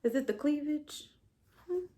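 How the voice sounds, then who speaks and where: A woman's voice: high voice, expressive, unhurried, mellow. A young adult woman hosting her own podcast, giving a casual solo recap in a sassy, blunt and profane way with playful asides. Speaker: podcast host.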